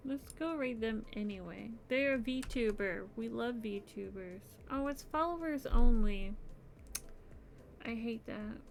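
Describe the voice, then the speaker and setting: Sleepy slow-talking woman streamer. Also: fairly high pitch, vocal fry, slight background noise. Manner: sleepy, yawning, chatty. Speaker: crochet streamer. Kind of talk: casual live-stream chat.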